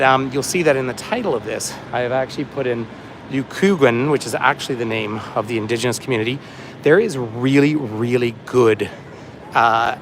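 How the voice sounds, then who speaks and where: A chatty man guides a livestreamed walking tour along a city street, rambling from sight to sight and reading viewers' comments aloud. His voice sits at an ordinary middle pitch, caught on a phone carried as he walks, with faint traffic noise around him. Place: outdoors on a city waterfront street.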